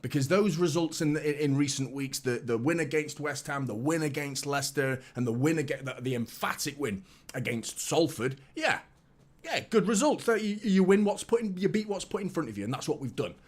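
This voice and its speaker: A man hosts a live football watchalong in excitable, chatty talk, greeting viewers by name and often repeating himself. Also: a little high, a little fast. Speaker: fan channel host.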